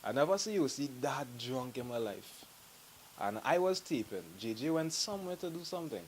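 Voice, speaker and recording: A man with a Trinidadian accent telling stories to the camera in a lively way, laughing and acting out what friends said. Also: mid-range voice, normal speed, a little hiss or hum, rough recording. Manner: animated, laughing, acts out quotes. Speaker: group member telling stories. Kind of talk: casual storytelling to camera.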